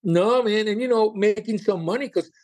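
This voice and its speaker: High-voiced animated male storyteller. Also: moderate pace. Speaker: comedian and former cruise director. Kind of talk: casual interview storytelling.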